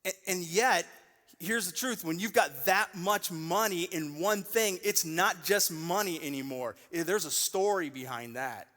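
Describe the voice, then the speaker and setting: A man in his forties delivers a sermon from a church stage, his voice sitting a little high. He tells stories and acts out the people in them with lively energy. The sound carries the long reverb of a large church auditorium. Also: a little slow, soft background music. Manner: animated storyteller, acts out quoted voices. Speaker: pastor.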